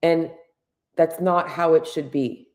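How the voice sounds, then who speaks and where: A woman's voice: low-pitched, steady tone, takes it slowly, a little mellow. A woman fitness coach talking straight to women in a solo podcast, blunt and candid, swearing freely as she coaches. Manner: earnest, coaching tone addressing women directly.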